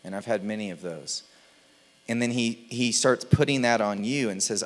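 A man preaching a sermon, conversational and animated, sometimes slipping into playful impressions. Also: lowish voice, a little fast. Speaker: pastor.

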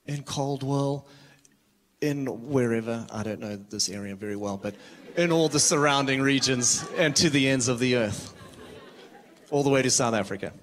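A man's voice: mid-range voice, normal speed, fairly bright tone, a faint crowd. A man preaching a sermon with urgency, earnest and a little self-deprecating, often restarting his words. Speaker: visiting preacher.

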